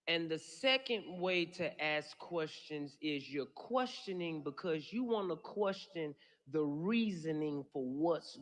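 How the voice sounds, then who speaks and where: A man's voice: on the high side, a bit bright. A man giving an impassioned funeral speech with a preacher-like cadence, addressing the family and mourners in a large hall. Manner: speaks with passion, preacher-like cadence. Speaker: eulogy speaker. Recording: long hall reverb.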